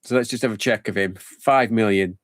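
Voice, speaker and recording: A man's voice: fairly low pitch, fairly quick, dry recording, studio quality. A man streaming a football management game live, thinking aloud in a rambling, casual way.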